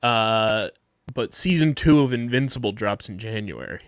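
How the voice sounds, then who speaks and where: A man's voice: lowish voice, expressive, normal speed, smooth, no room sound, clean studio sound. A man hosting a casual podcast, running through news and a sponsor read with plenty of fillers. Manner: conversational, filler-heavy. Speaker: podcast host.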